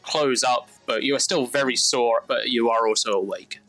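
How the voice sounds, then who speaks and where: Chill game master rambling through the scene, mid pitch, faint music. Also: normal speed, a bit bright, low-quality recording. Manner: casual, meandering, self-deprecating. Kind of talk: narrating a tabletop game.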